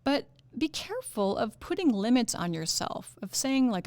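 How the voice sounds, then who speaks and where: A woman with a higher-pitched voice speaks at normal speed, with no echo, while hosting a wellness podcast. Her casual motivational talk is chatty and animated, sprinkled with fillers and laughter, and she puts on goofy voices for quotes.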